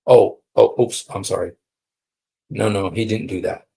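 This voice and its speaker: Very husky, gravelly man preaching. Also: deep voice, fairly even intonation, moderate pace. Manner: emphatic and mocking, swings between loud and quiet. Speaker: preacher on a streamed show. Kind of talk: polemical religious talk.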